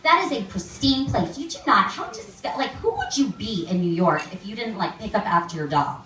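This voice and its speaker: A woman's voice: medium pitch, big pitch swings, brisk, bright, forceful tone. A young woman doing a stand-up comedy set on stage, chatty and full of "like", acting out other people's voices as she goes. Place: comedy club stage with a live audience. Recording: echoey room, mic heard from a distance, crowd laughing.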